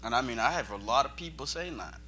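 Bright-voiced man. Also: medium pitch, lively intonation, fast, a little hiss or hum. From Botswana. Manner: earnest, emotional, preacherly. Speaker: guest missionary speaker. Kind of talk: church testimony.

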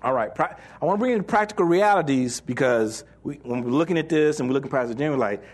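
A male pastor preaching a sermon in an animated, joking way, reading scripture and acting out the voices of doubters. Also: on the high side, fast talker.

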